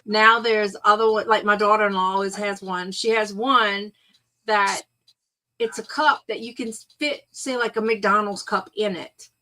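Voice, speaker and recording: A woman's voice: mid-range voice, steady tone, unhurried, pushed and bright, low-quality recording. A middle-aged woman co-hosting a casual live-stream chat, chiming in often and telling short anecdotes. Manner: supportive, chimes in often. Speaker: co-host.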